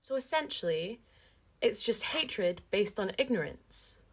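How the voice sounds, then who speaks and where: A woman's voice: medium pitch, lively intonation, measured pace, husky. A woman in an online video, lecturing and scolding the viewer. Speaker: clip speaker.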